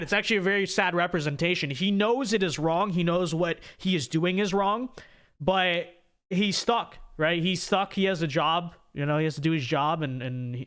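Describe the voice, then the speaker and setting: Rambling male livestream host, higher voice. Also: fairly bright tone, smooth. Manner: rambling, repeats words while thinking aloud; reads viewer super chats aloud. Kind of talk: political commentary livestream.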